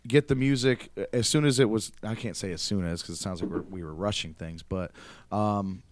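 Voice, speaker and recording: Earnest, low-voiced male musician. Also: moderate pace, no echo. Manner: earnest, eager, a little hesitant with restarts. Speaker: musician guest, band member. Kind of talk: casual chat interview.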